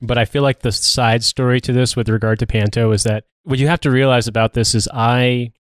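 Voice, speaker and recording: A man's voice: medium pitch, fairly even intonation, fairly quick, clear, resonant tone, no echo, clean studio sound. A man co-hosting a podcast in casual chat, sardonic and profane, rambling through his stories. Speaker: podcast co-host.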